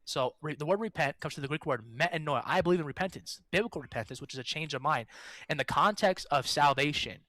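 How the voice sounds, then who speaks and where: A preacher with a slightly high man's voice argues theology. He explains scripture firmly and point by point. His voice comes through a dry, close headset mic. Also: animated, fast talker, bright, forceful tone, no echo. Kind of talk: theological debate.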